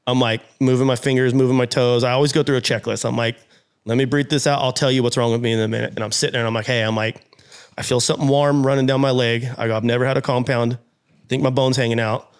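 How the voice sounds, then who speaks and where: In a podcast studio, a male guest tells a story with lots of energy, acting out lines he once said and swearing freely. His voice sits at medium pitch, and he talks fast and smoothly.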